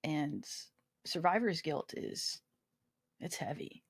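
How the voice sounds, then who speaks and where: A woman's voice: sits low, takes it slowly, breathy edge, dry recording, clean studio sound. A woman guest recounting a personal story in a casual interview, acting out the quoted dialogue and swearing freely. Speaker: guest, army veteran.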